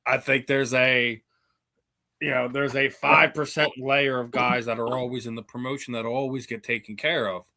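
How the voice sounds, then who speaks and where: A man's voice: medium pitch, flat delivery, moderate pace, pushed and bright. A man hosting a podcast interview, chatting loosely, repeating words and saying dude. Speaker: podcast host.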